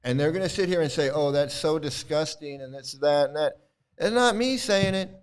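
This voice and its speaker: With a slightly high, expressive voice, a livestream host talks briskly and smoothly, addressing his chat directly. His commentary and replies to viewers are combative and repetitive.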